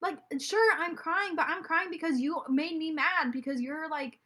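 A teenage girl co-hosting a casual podcast chat, ranting quickly and with animation. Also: high voice, pushed and bright. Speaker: podcast co-host.

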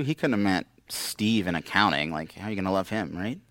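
A man's voice: on the low side, a little fast, few pauses, no room sound. Guy preaching in a church, chatty, jokey asides, acts out the voices, dry mic. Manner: conversational, acts out quoted voices with wry humor. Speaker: pastor. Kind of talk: sermon.

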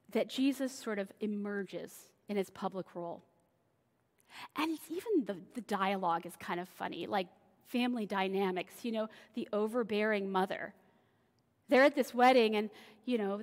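Woman pastor, conversational sermon, playful storytelling, somewhat high voice, reverberant hall. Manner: chatty, acts out voices in dialogue. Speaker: senior pastor. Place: church sanctuary.

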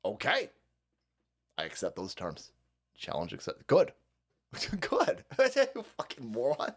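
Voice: mid-range voice, huge pitch swings, slow pace, husky. A livestream host ranting about politics, reading out viewer comments and mocking them with heavy profanity. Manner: reads and mocks viewer comments.

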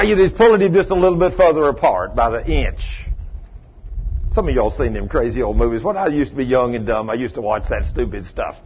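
Brisk and a little high-voiced, this older preacher spins a folksy sermon story and performs the lines of the people in it. The recording is muffled and lo-fi, with slight background noise.

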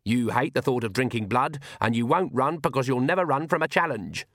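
A man reading an audiobook and voicing a stern, shrewd old witch woman who speaks in a dry, calm, cutting way. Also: mid-range voice, brisk, dry recording.

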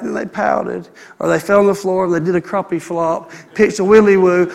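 A man preaching a sermon, animated and acting out the people he quotes. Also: high voice, moderate pace, creaky, few pauses, long reverb tail. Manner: animated, acts out quoted people, calls for amen.

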